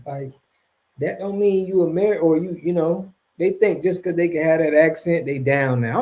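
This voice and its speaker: Guy from florida vlogging, slangy and rambly, kinda high but mellow voice. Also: moderate pace. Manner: slangy, rambling, chuckles between points. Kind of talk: casual off-the-cuff commentary.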